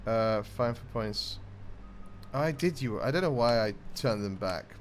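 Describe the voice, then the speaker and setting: A man's voice: medium pitch, expressive, measured pace, slight background noise. A man casually commenting on his gameplay, joking and muttering through menus. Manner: chatty, jokey, mutters while reading menus. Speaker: gaming channel host.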